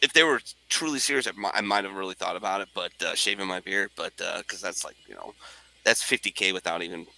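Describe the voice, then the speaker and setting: A middle-aged man, a podcast host, telling a story in casual chat, animated and jokey, acting out the people in it. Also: sits low, fast, vocal fry, poor audio. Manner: animated, jokey, acts out voices in his stories.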